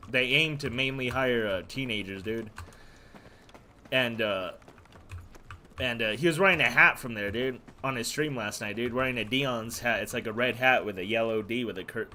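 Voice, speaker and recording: A man's voice: medium pitch, moderate pace, pushed and bright, a little hiss or hum. A man live-streaming a game while ranting casually, swearing freely and tacking "dude" or "bro" onto nearly every phrase in a mocking, scornful tone. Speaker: gaming streamer.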